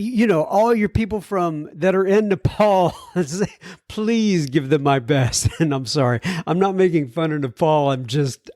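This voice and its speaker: A man's voice: high voice, no echo, clean studio sound. Chatty man reading listener letters. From United States. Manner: chatty, warm asides, stumbles over words. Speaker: podcast host. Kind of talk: reading listener messages aloud.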